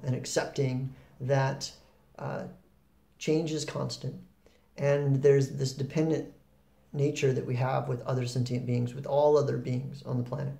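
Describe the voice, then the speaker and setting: A man giving a reflective spoken talk on happiness, relaxed and rambling, with fillers and restarts. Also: medium pitch, gravelly, roomy sound. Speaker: spiritual talk host.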